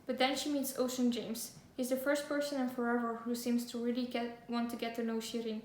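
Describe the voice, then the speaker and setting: A young woman with a fairly high, darkish voice talks fairly quickly and flatly through her book haul, reading back-cover synopses aloud between giggly, gushing, filler-heavy chat. The recording has an echoey room, faint ambience, and slight background noise.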